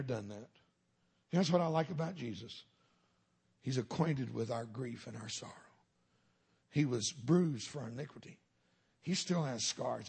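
Gravelly preacher man telling stories. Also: mid-range voice. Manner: folksy storytelling with punchlines. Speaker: minister. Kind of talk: humorous testimony sermon.

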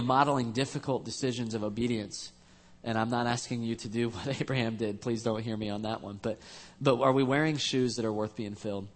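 A man preaching a sermon as a pastor, earnest and conversational, with frequent restarts. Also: mid-range voice.

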